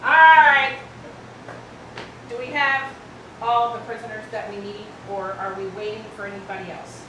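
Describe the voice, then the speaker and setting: A woman's voice: medium pitch, steady tone, normal speed, pushed and bright, slight background noise, close to an everyday voice. A woman playing an impatient, sarcastic prison bus driver in live improv. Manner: sarcastic, needling. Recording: echoey club from far off.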